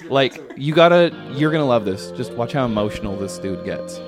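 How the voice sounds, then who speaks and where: Casting: male co-host, lively swinging delivery, easygoing reaction banter, music bed under the voice. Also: medium pitch. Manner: animated, quick asides, frequent laughs. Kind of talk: casual reaction chat.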